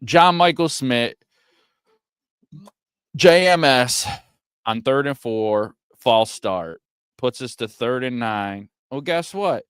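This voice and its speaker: A man streaming a watch party, giving casual play-by-play commentary that turns excitable and profane when frustrated. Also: medium pitch, takes it slowly, pauses often, smooth, no echo, studio quality. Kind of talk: casual live game commentary.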